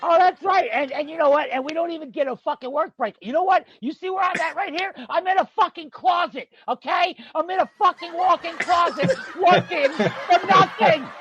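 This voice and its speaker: A man doing a shrill, foul-mouthed angry elf. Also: normal speed, few pauses. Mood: ranting. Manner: gruff, swearing, ranting. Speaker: roast guest. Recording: dull lo-fi audio with background noise.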